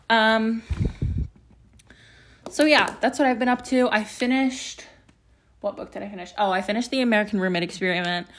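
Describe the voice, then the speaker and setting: A woman's voice: fairly high pitch, fairly even intonation, moderate pace, pauses often, a little hiss or hum. Chatty young woman rambling at home. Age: young adult. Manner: rambling and chatty, heavy use of "like" and swearing. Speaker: podcast host. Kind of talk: casual chat.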